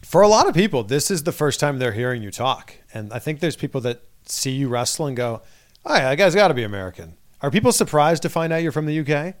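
A man's voice: a little high, lively intonation, quick pace, hardly any pauses. A man from Canada hosting a casual, upbeat interview and laughing often. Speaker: interviewer host.

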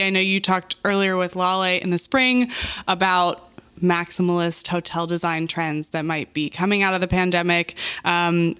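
Smooth low-voiced female host. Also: a bit bright, dry recording. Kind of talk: interview hosting.

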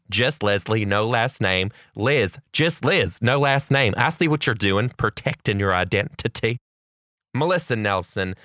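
A man hosting a comedy podcast, telling a funny classroom story and reading out supporter shout-outs in an animated, jokey way. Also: mid-range voice, no room sound, clean studio sound. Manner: animated, jokey, with voiced quotes of kids. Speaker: podcast host.

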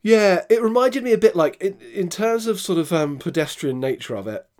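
A man co-hosting a casual film review chat, speaking hesitantly with many fillers and giving measured verdicts. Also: high-pitched, lively intonation. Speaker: podcast co-host.

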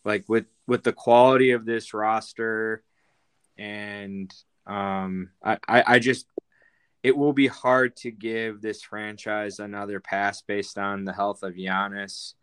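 A man co-hosting a sports podcast, his thoughts coming out in halting bursts full of fillers. His voice sits low and sounds smooth and clean. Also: little pitch movement, a bit bright. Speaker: podcast co-host. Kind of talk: sports talk chat.

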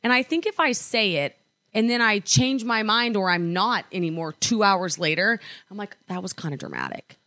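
Young female podcast co-host, crisp and bright, rambling casual chat in a dry room. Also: mid-range voice, normal speed, no room sound. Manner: chatty, lots of likes and restarts. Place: apartment.

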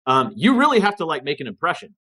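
Fast-talking husky man, podcast guest. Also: a little high. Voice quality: fast, energetic, profane, casual. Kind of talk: casual podcast conversation.

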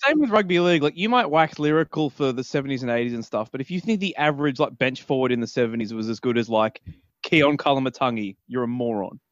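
A man co-hosting a sports podcast, giving quick, blunt opinions in casual chat. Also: medium pitch, dry recording. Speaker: podcast co-host. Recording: dull lo-fi audio.

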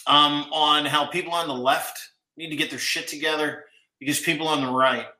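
A man's voice: on the high side, fairly even intonation, a little fast, bright, forceful tone, echoey room, rough recording. A man co-hosting a political podcast, talking in a rambling, profane, incredulous way. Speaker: podcast co-host. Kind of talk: casual political chat.

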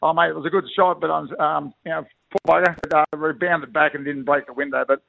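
A middle-aged Australian man with a gravelly, rough-edged voice tells yarns at a quick clip. He rambles in a colloquial, blokey way. He is heard over a thin, tinny phone line. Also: a little high, fairly even intonation. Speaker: retired rugby league player, guest. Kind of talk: phone interview, storytelling.

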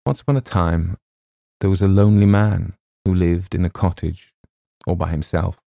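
A man voicing an awkward, reluctant young gentleman who talks in a faltering, sheepish way. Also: sits low, fairly even intonation, moderate pace, vocal fry, dry recording, studio quality. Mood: storytelling.

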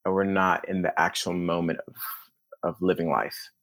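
A man's voice: low-pitched, moderate pace. A man, a tennis coach, talking casually as a podcast guest in a loose, rambling way. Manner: relaxed, rambling, acts out inner voices.

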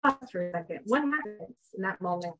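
A woman in her thirties, a Torah teacher, gives an informal class to a group, chatting and often putting questions to them. Her medium-pitched voice is lively, fairly quick and a bit bright. The class recording is dull and lo-fi.

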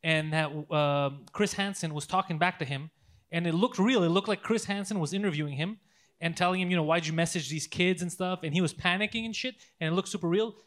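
A man's voice: high voice, brisk, fairly bright tone. A man in casual podcast chat, telling crude prank stories with lots of laughter.

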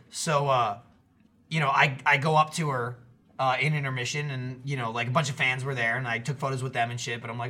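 Male co-host, casual chat; blunt and profane, very bright and sharp. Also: medium pitch, fairly quick. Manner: blunt, swears freely. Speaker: podcast co-host.

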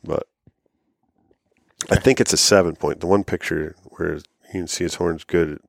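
A man's voice: deep voice, steady tone, moderate pace, gravelly, no echo, studio quality. A man chatting on a hunting podcast in a loose, hesitant way, filling his sentences with "like". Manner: loose and hesitant, says "like" constantly. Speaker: podcast co-host. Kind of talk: casual hunting chat.

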